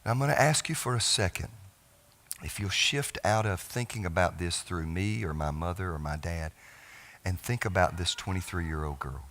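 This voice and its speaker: Bright-toned man preaching tenderly. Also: sits low. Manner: emotional storytelling, halting restarts, trailing off softly. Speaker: pastor. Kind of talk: sermon. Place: church sanctuary.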